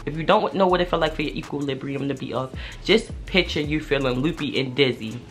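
A young adult woman telling a personal story in a casual vlog, animated and slangy, swearing freely. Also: low-pitched, a little fast, faint music behind. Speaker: vlogger.

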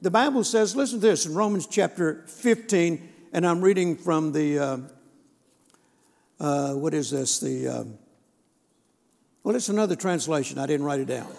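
An older male pastor delivers a sermon in a high, ringing voice that carries through a long church reverb. His delivery is folksy and emphatic, and he keeps turning to the congregation for a response. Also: gravelly, a little mellow. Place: church sanctuary.

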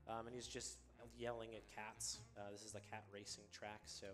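A man commentating live on his own speedrun, explaining the game in a relaxed way with many ums and uhs. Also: lowish voice, moderate pace, faint music behind. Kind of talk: live commentary while playing.

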